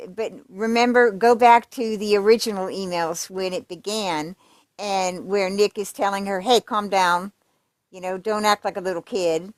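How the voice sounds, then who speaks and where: A woman's voice: medium pitch, darkish tone, no echo. A woman giving casual true crime commentary, reading letters aloud in a conversational, emphatic way with fillers and restarts.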